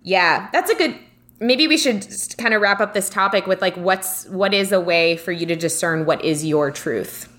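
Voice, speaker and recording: A young adult woman co-hosting a casual spiritual podcast, animated and chatty, reading out listener comments. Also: lowish voice, normal speed. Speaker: podcast co-host.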